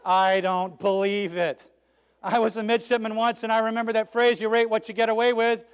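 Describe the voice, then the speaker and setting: A keynote speaker, a man, tells his story with great drama, acting out the dialogue and bursting into shouted cheers. His voice sits high for a man. It rings with the long reverb of a big hall. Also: little pitch movement, normal speed, smooth. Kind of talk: animated storytelling speech.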